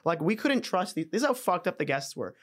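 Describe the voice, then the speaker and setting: Man, comedian from canada, casual podcast chat, a bit high voice, swears a lot. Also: very animated, fairly quick, fairly bright tone. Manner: swearing, storytelling, laughing often. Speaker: guest comedian.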